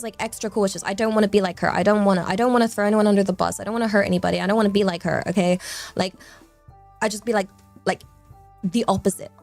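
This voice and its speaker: A young woman streamer chatting casually, rambling and giggling often. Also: medium pitch. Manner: rambling, giggly, self-deprecating.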